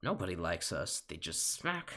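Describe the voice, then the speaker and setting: A man's voice: sits low, very animated, moderate pace, pushed and bright, full character voice. A man voicing a laid-back male mosquito who talks in a blunt, slangy drawl, in a comedic read of a film script. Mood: streetwise.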